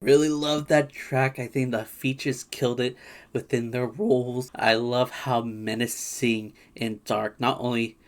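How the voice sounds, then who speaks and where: A man's voice: medium pitch, level tone, unhurried. An American man hosting a casual album reaction, thinking aloud with small restarts and chuckles. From United States. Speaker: music reaction channel host.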